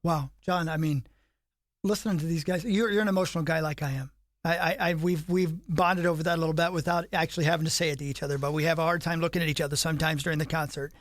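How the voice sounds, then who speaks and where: A man hosts a studio podcast interview with a fairly high voice. He asks questions animatedly and often jokes at his own expense. The sound is dry and close. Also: fast, dry recording. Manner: animated, self-deprecating, voice rising on questions. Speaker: host.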